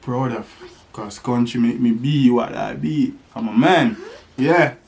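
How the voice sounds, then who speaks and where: A man's voice: mid-range voice, a little slow, vocal fry, darkish tone. A man talking playfully to his baby in a home vlog, making animal sounds. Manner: sing-song talk to a toddler with animal sounds. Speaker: father teaching his baby.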